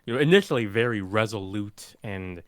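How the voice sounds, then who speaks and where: Deadpan low-voiced male co-host. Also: a little fast, smooth, no echo, clean studio sound. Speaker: podcast co-host. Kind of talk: casual chat reviewing a manga chapter.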